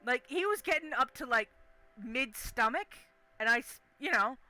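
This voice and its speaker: A young woman streaming a game and telling a story in an animated, profane, emphatic way. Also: high-pitched, normal speed.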